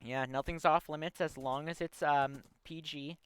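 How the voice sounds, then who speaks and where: A man's voice: on the high side, fairly even intonation, moderate pace, fairly bright tone, a little hiss or hum. A young man chatting casually on a game livestream, rambling through long stories packed with ums and likes. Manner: rambling, filler-heavy storytelling. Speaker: gaming livestreamer. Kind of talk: casual live-stream chat.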